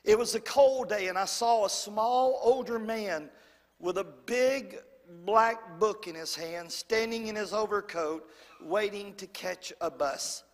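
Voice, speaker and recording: A man's voice: sits high, a little slow. A man preaching a sermon to a congregation, repeating phrases and calling for amens. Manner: preacherly, repetitive, calls for amens. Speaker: pastor. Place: church hall. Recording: long hall reverb.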